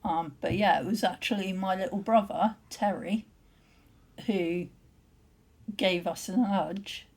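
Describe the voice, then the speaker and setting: A woman chatting casually at home in a soft-spoken, giggly way. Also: mid-range voice, slow, pauses often. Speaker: vlogger. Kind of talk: casual chat. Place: home living room.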